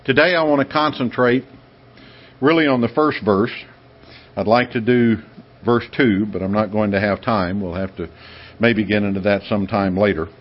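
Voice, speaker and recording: A man from the United States preaching a sermon in an emphatic way, with sudden high, excited bursts. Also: moderate pace. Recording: dull lo-fi sound.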